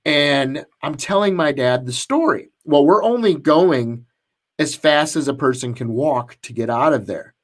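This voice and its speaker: A man's voice: on the high side, animated, a little slow. A man co-hosting a podcast, telling a long story in casual chat with lots of restarts and fillers. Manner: rambling, many restarts and fillers. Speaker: podcast co-host.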